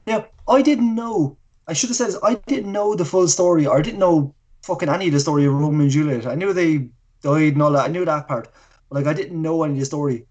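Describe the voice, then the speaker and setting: A man's voice: on the high side, fast talker, darkish tone, dull audio. A man co-hosting a film review podcast over a video call, teasing his co-host and swearing casually. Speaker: podcast co-host, movie guru.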